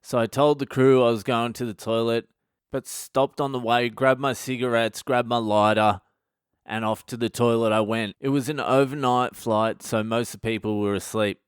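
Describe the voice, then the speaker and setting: Australian comedian, male, raunchy story monologue, smooth clear voice, dry close sound. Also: medium pitch, moderate pace, dry recording. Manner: crude, animated, swears often. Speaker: comedian podcast host.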